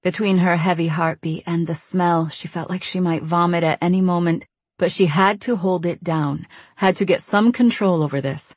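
A woman narrating an audiobook with tense, steady storytelling. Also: fairly low pitch, moderate pace, breathy edge, no echo. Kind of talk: scripted narration.

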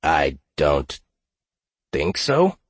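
A man's voice: extremely low pitch, huge pitch swings, very slow, husky, no room sound, voice pushed down, exaggerated voice. A man voicing a naive, childlike mimic monster that speaks plainly and bluntly, in an audiobook. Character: naive, literal-minded mimic treasure-chest monster. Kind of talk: audiobook character voice.

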